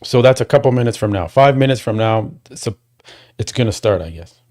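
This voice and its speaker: A man's voice: medium pitch, lively intonation, fairly quick. Rambling man hosting a livestream. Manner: rambling, restarts, talks to chat; gets worked up and loud when complaining. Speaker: livestream host. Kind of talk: casual livestream chat.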